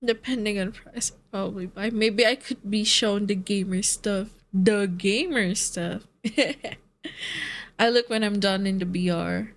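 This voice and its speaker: A woman's voice: mid-range voice, fairly even intonation, measured pace. A woman streamer chatting casually with her viewers, swearing and laughing often as she answers chat.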